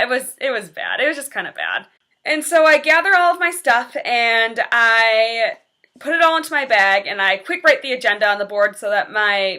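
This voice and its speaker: A woman's voice: on the high side, sharp tone. A woman in her twenties, a teacher, talking candidly and earnestly in a personal vlog confession. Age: 20s.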